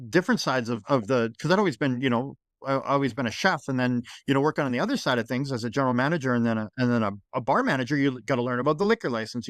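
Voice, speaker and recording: A man in his forties, a podcast guest telling his story in a casual, emotional and animated way. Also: mid-range voice, no room sound, clean studio sound. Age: 40s. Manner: emotional, animated storyteller who acts out dialogue.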